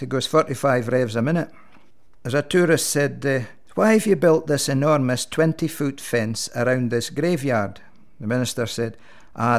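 A man, a minister telling church jokes one after another with a dry, gentle delivery and quick punchlines. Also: mid-range voice.

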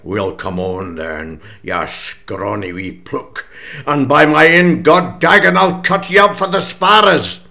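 Scottish man doing a giant warrior, sneering, slow, menacing, broad Scots. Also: medium pitch, lively intonation, gravelly, bright, forceful tone, pitched above the performer's own voice, heavily acted.

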